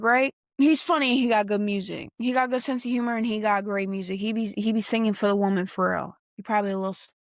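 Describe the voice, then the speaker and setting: A young woman's smooth, slightly high voice comes through in studio quality without room sound. She hosts a podcast, reacting to clips in a loose, slangy ramble packed with fillers and restarts.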